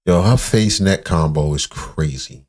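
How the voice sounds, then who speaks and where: Sarcastic low-voiced male commentator. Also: expressive, measured pace, darkish tone. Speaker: reaction commentator. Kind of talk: mocking comedic commentary.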